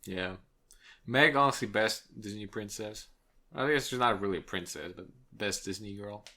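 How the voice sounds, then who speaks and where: A man's voice: lowish voice, moderate pace, pushed and bright. A man co-hosting a casual gaming podcast, sarcastic and swearing casually. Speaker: podcast co-host.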